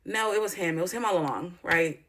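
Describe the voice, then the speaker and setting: Woman vlogger, lowish voice, blunt and profane, rambling storyteller with emphatic outbursts. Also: a little fast, a bit bright. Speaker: YouTuber. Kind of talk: candid storytime vlog.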